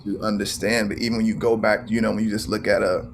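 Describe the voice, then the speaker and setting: A man on a dance panel, explaining his thoughts calmly and reflectively. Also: on the low side, vocal fry, faint music behind. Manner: thoughtful, explanatory, slow in places.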